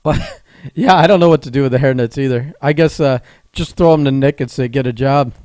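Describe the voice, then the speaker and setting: A man's voice: mid-range voice, a little fast, a little mellow, no room sound, studio quality. A man co-hosting a podcast in casual chat, answering with laid-back jokes. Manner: laid-back, joking listener. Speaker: podcast co-host.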